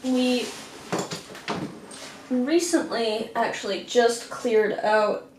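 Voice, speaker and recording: High-voiced woman rambling while she paints live, home studio, kinda echoey. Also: extremely slow. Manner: chatty, rambling, self-deprecating asides. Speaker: livestream painter and host. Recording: roomy room, faint background noise.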